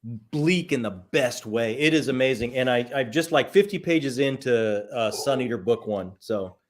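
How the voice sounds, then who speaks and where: A man chatting as a guest on a book live stream, enthusiastic and halting, with many restarts. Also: medium pitch. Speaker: guest, fellow book reviewer. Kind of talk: casual live-stream chat.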